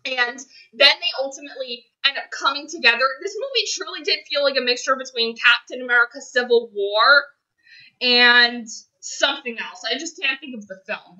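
A woman's voice: high-pitched, normal speed, pushed and bright, highs cut off. A young woman reviewing a film in a casual monologue, gushing and repeating herself as she gets emotional. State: choked up, near tears.

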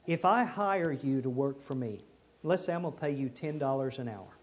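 A man preaching a folksy, animated sermon in a church, acting out the people he quotes. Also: mid-range voice, normal speed, a little hiss or hum.

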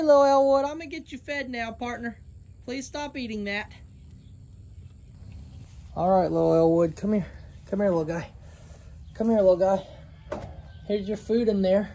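A man chatting casually to viewers outdoors on a farm, coaxing his goats in a gentle sing-song. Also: very high voice, animated, moderate pace, pauses often. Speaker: homesteading vlogger. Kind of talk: casual vlog chat.

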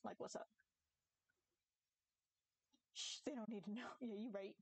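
A young woman chatting casually on a live game stream, giggly and animated, talking to her viewers and her cat. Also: mid-range voice, unhurried, no echo, poor audio. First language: English. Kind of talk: casual live-stream chat while gaming.

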